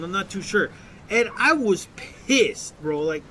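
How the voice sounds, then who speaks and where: A man's voice: high voice, lively intonation, slow, bright, forceful tone, slight background noise. A young man streaming, ranting in a profane, rambling way with mocking quotes. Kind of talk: casual ranting commentary.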